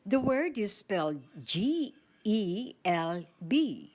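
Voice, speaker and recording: Slow, lively-voiced woman teaching words. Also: medium pitch. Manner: slow, deliberate, repeats each word clearly. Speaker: language teacher. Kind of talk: radio language lesson.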